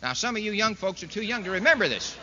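A man's voice: high-pitched, sing-song, quick pace, noisy background. A man giving a political speech to a live audience, folksy and sarcastic, full of rhetorical questions. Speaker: speaker addressing an audience. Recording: dull lo-fi recording in a reverberant hall.

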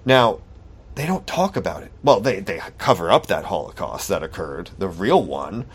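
A man's voice: low voice, very animated, normal speed, breathy edge. A man hosting a solo podcast, talking in a sarcastic, mocking commentary style. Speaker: podcast host.

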